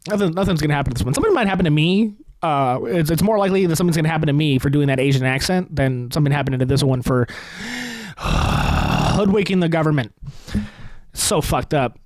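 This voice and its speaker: High-voiced, profane comedian ranting. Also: male voice, lively intonation, a little fast. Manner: profane, rambling, laughing at his own jokes. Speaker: comedian podcast host. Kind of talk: topical comedy rant.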